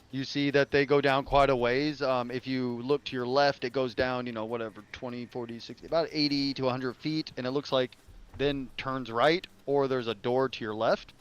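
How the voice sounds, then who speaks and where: A man's voice: medium pitch, smooth, dull audio. A man narrating as game master of a tabletop game, describing passages in a rambling, self-correcting way.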